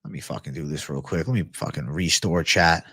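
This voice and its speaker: This betting-picks livestreamer has a husky, slightly bright bass voice and talks a little fast. He's casual, hyped, and profane, reacting out loud to his live chat, and the audio is dry and studio quality.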